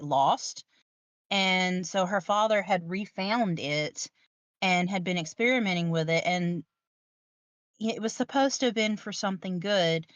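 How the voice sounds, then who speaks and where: A woman chatting slowly and agreeably about a book she enjoyed. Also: medium pitch, clear, resonant tone, no echo. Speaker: book reviewer co-host. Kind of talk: casual chat. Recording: dull, dry lo-fi mic.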